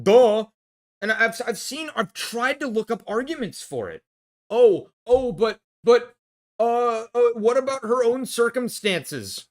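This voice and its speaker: A vlogger ranting in a casual film review, angry and blunt, swearing heavily and restarting when worked up. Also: mid-range voice.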